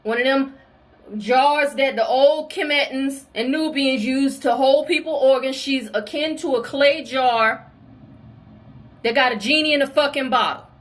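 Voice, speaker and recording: High-voiced woman ranting profanely. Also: a little slow. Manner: profane, fiery, confrontational. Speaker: spiritual video creator. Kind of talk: heated spiritual rant.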